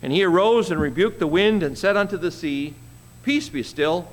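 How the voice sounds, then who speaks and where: A man preaching a sermon, reading scripture slowly and commenting on it with an easy chuckle. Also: high-pitched, big-room sound. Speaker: pastor.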